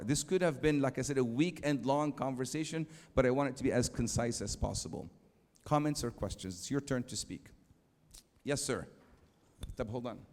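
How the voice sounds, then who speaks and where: A man giving a church youth lecture, emphatic, slowing down for quotes and asking the audience questions. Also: mid-range voice. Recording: long hall reverb.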